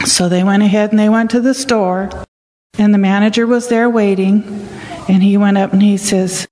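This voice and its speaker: A woman's voice: medium pitch, fairly even intonation, normal speed, warm tone. Older woman, children's sermon storytelling, questioning, echoey church hall.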